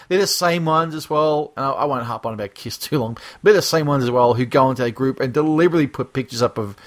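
A man's voice: medium pitch, fast, few pauses. Swearing, ranting man in casual chat. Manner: swears a lot, ranting and sarcastic. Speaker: podcast co-host.

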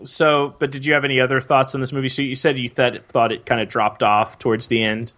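A man's voice: mid-range voice, level tone, a little fast, fairly bright tone. A man hosting a casual film podcast, enthusiastic and asking his co-hosts questions. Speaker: podcast host.

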